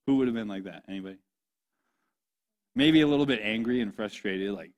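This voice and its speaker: A young male pastor gives a sermon in a relaxed, joking style. He keeps asking the congregation questions and plays out little scenes in a chatty voice. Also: medium pitch, fast talker. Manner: playful, joking, asks the audience questions.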